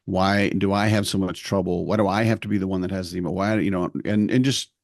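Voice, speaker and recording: Talking quickly with fairly even intonation, a middle-aged man co-hosting a podcast meanders through a family tale and performs the lines of the people involved. He has a low voice with vocal fry, and the clean studio recording has no echo.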